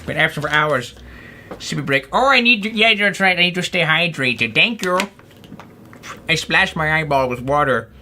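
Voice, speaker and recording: A man's voice: fairly high pitch, expressive, normal speed, bright, forceful tone, slight background noise. A man live-streaming while he crafts, rambling in goofy, playful self-talk with lots of little asides. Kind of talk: casual livestream chatter while crafting.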